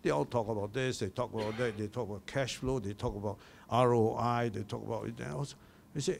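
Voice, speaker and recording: A man's voice: mid-range voice, fast talker, vocal fry, a little hiss or hum. An older man with a Malaysian English accent, giving an anecdotal award speech and chuckling at his own stories.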